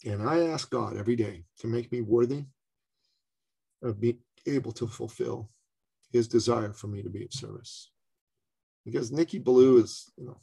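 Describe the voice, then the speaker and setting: A middle-aged man from Canada telling a personal story in conversation, animated and acting out the voices of others. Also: medium pitch, moderate pace, gravelly, breathy edge. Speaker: speaker and business coach.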